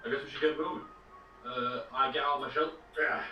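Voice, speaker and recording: A man's voice: medium pitch, steady tone, a little fast, lo-fi sound. A man playing a tabletop game, chatting casually, joking and swearing freely. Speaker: player. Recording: echoey room, from a distance, faint noise.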